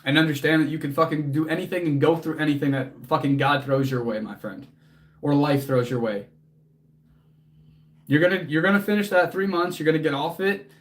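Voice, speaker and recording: A man's voice: on the high side, steady tone, a little fast. Earnest, emotional man coaching his chat. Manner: earnest and motivational, swears casually; emotional, close to tears. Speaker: fitness coach and livestream host. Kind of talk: casual livestream talk answering chat.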